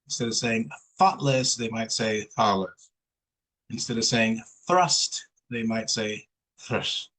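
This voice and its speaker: Slow, patient male English tutor. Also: medium pitch, low-quality recording. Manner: patient, slow, drills sounds with repetition. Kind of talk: online one-on-one lesson.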